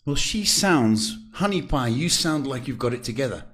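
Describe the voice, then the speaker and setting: A man's voice: medium pitch, expressive, moderate pace, fairly bright tone. A man with a South African accent, a psychic tarot reader giving chatty live-stream advice to viewers and calling them sweetheart.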